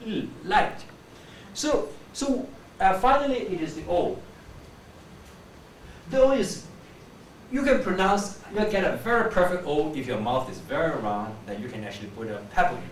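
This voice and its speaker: Animated male teacher in an echoey room. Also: on the high side, normal speed, pauses often, slight background noise. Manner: demonstrative, exaggerates vowels and rising questions. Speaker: pronunciation teacher. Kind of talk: classroom demonstration lecture. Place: classroom. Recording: echoey classroom, mic at a distance.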